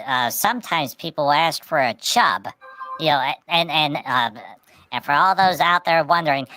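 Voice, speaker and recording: Woman, low voice, casual podcast storytelling, halting repeats, dry close sound. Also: fairly bright tone, no room sound. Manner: repeats words, halting "and, and" restarts. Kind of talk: casual chat, rambling anecdote.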